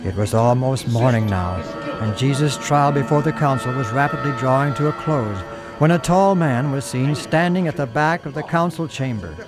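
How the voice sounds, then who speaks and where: A man's voice: mid-range voice, normal speed. A man narrating a radio drama in an earnest, dramatic storytelling manner. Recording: music underneath.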